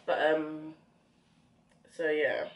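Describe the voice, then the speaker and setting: A woman's voice: sits low, flat delivery, drawn-out words. A young woman chatting to camera while doing her makeup, tearful and hesitant, with many fillers, recorded at home. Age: young adult. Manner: soft, hesitant, full of fillers. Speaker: beauty vlogger.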